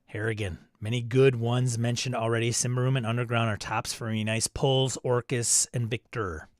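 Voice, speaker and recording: A man's voice: mid-range voice, little pitch movement, normal speed, no room sound. Chatty male stream host, dry sound. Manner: reads chat messages aloud, chuckling and riffing. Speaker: host of a live stream show. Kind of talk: casual live-stream chat reading viewer comments.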